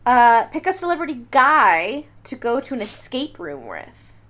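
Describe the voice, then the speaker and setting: Playful woman host with a lively voice. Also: a little high, a little slow. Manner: playful, reads options in a list, laughs easily. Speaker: host running a personality quiz. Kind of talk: casual chat.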